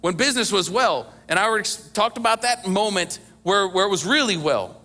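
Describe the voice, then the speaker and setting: A man's voice: high voice, lively intonation, brisk, sharp tone. A middle-aged man preaching a sermon as pastor, talking conversationally with emphatic bursts and small chuckles.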